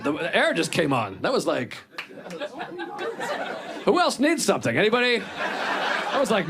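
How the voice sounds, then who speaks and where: A man in his thirties doing a wry, conversational stand-up set, acting out his own lines. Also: a little high. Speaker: stand-up comedian. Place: comedy club stage. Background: audience laughing.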